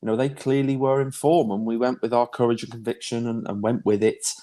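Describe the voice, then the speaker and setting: A man co-hosting a casual podcast, his voice dark and mellow at a middle pitch. He talks in a steady, easygoing flow, leaning on little fillers and restarting his phrases. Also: a little fast. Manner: steady, with frequent "you know" fillers and restarts. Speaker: podcast co-host. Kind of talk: casual chat about golf betting.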